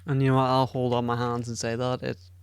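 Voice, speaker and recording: On his own podcast, this host rambles along casually, swearing often and putting himself down. He speaks a little fast in a monotone, medium-pitched voice with a clean tone.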